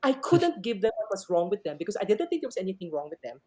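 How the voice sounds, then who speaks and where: Woman, middle-aged, Filipino accent, math professor, interview guest, animated storytelling, very expressive pitch. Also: fast talker. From Philippines. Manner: switches between English and Tagalog, acts out dialogue; lively, swooping pitch.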